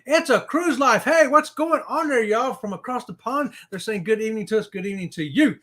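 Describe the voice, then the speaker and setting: A man co-hosting a casual live stream, greeting viewers in the chat and talking in a lively way. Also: extremely high pitch, fairly quick. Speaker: co-host of cruise live stream.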